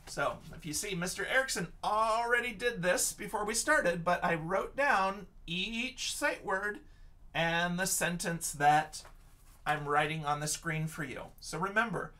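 A man teaching young children in a video lesson, speaking slowly and with a bright tone. His pitch swings a lot as he stretches out letters and praises his listeners, and he stays patient throughout. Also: far from the mic. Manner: patient, encouraging, sounds out words letter by letter.

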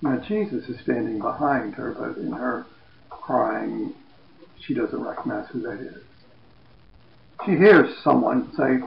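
A man retells a Bible story as a lesson, with a gravelly edge to his voice. He keeps a plain storytelling tone and drops softer for quoted lines. The sound is dull and lo-fi, with a roomy echo around him. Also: mid-range voice, slow pace, long pauses. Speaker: Bible teacher. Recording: echoey, dull lo-fi room.

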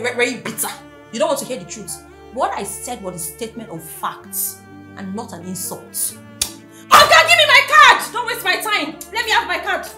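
A woman's voice: a little high, fairly bright tone, echoey room. An actress playing a scornful, sarcastic young woman with a Nigerian accent, scolding her idle boyfriend.

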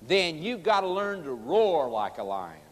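A man's voice: on the high side, sing-song, unhurried, in a large hall. A preacher voicing a helpful male monkey in a fable told during a sermon, speaking in a matter-of-fact, advising way. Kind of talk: sermon illustration storytelling.

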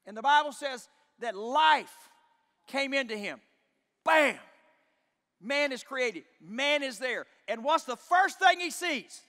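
A middle-aged man preaching a sermon as pastor, impassioned, swinging from shouts to hushed tones. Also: very high voice, lively intonation, a little slow, in a large hall. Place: church sanctuary.

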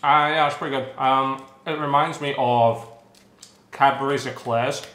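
A man's voice: medium pitch, steady tone, unhurried, a bit bright. Sarcastic grumbling man, roomy sound. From United Kingdom. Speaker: snack taster. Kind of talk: casual chat.

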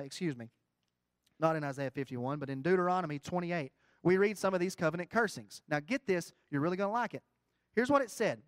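A middle-aged man preaching a folksy sermon, swinging between quiet asides and loud, rising emphasis. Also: high-pitched, dry recording.

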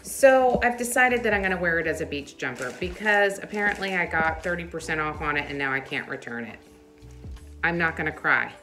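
A woman's voice: low-pitched, lively intonation, a little fast. A woman vlogging in a casual, chatty way, thinking aloud as she goes. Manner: chatty, thinks aloud, drops to a whisper at times. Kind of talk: casual vlog chat. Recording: echoey room with music behind.

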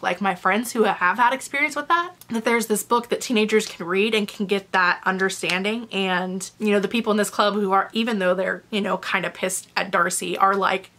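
A woman's voice: mid-range voice, fairly even intonation, normal speed, hardly any pauses, pushed and bright. Young woman, casual book vlogger, candid and chatty, swears freely, mid-range voice. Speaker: book reviewer. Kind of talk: casual book review vlog.

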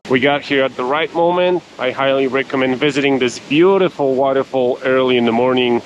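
A man's voice: medium pitch, fairly quick, dull audio, a little hiss or hum. A man talking casually as a travel vlogger on a trail near a waterfall, chatty and upbeat, laughing often, on a handheld camera. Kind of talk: casual vlog narration.

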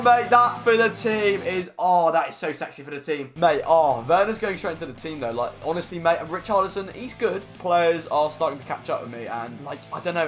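Excitable young gamer, music under. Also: male voice, on the high side. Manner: chatty and excitable, slangy, shouts at big pulls. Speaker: gaming YouTuber. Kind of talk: casual pack-opening commentary.

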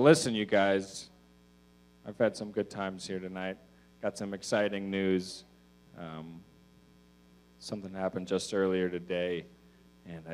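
A man doing a stand-up set in a comedy club, mumbling his asides and pushing his punchlines out loud. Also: on the low side.

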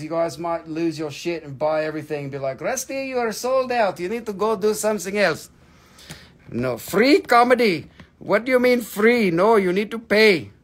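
High-voiced joking man on a live sale. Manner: joking, playful, chatty with viewers. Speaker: host of a live rock and mineral sale. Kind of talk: casual live-stream chat.

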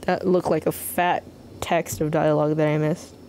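A woman's voice: deep voice, level tone, normal speed, warm tone, a little hiss or hum. A young woman streaming a game live, giving profane, slang-filled joking commentary.

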